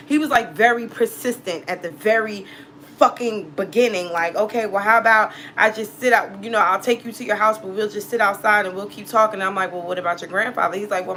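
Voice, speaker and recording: A woman's voice: medium pitch, sharp tone, a little hiss or hum, poor audio. A woman, hosting a casual storytime vlog. She speaks bluntly and profanely and acts out both sides of every conversation. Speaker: tarot reader and channel host.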